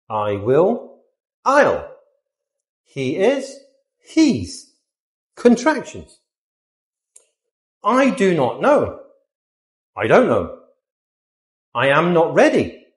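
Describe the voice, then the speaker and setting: A man's voice: mid-range voice, roomy sound. A man teaching an English lesson online, modeling phrases with exaggerated rising and falling intonation. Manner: lively, sing-song teaching delivery with exaggerated intonation.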